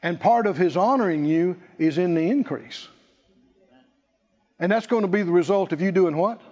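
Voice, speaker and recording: High-voiced preacher in an echoing church. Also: male voice, moderate pace, a little mellow. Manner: emphatic, repeats key phrases. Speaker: pastor. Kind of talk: sermon with call-and-response. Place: church sanctuary. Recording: dull lo-fi recording with long hall reverb.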